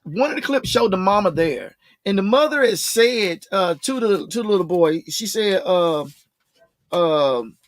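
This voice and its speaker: Man with a dry, higher voice, storytelling. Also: lively intonation, unhurried, no echo. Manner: retells stories at length, acting out quoted dialogue. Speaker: co-host. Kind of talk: casual podcast chat.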